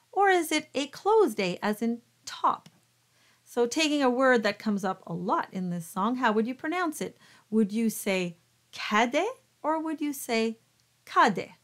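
Slow, higher-voiced woman teaching diction. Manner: clear, deliberate teaching tone. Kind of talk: instructional explanation.

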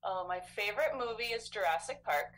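A woman in her thirties, an animal control officer, answering interview questions in a friendly, measured way. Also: mid-range voice, fairly bright tone, rough recording. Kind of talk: casual interview chat.

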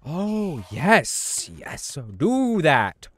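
Male gamer commentating his own play, profane and exasperated, taunting the enemies; very lively pitch, dry close mic. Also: drawn-out words, no room sound. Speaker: gaming YouTuber. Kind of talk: gameplay commentary.

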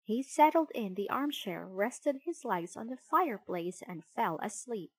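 A woman narrating a children's storybook in an expressive, unhurried way. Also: mid-range voice, husky.

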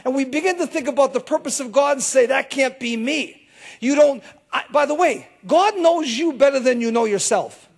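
A male pastor preaching a sermon in an animated, storytelling way, with bursts of shouting. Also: very high-pitched.

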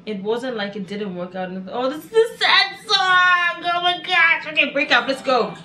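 A woman hosting a casual music video reaction, chatty and excitable, exclaiming often. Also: high voice, normal speed. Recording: echoey room with music behind.

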